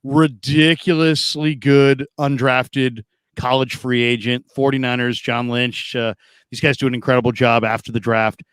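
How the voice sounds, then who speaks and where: A middle-aged man hosting a sports talk show, telling stories in an animated, casual way with frequent stammering restarts. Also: mid-range voice, moderate pace, smooth, no room sound, studio quality.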